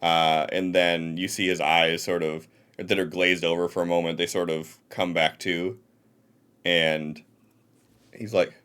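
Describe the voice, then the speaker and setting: A man narrating a tabletop game as game master, relaxed with many fillers. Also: deep voice, a little slow, clear, resonant tone.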